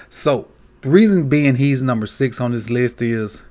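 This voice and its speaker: A man hosting a casual sports countdown video, talking loosely with many fillers and restarts. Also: mid-range voice. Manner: relaxed, halting, many "uh" and "um" fillers. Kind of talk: casual sports commentary vlog.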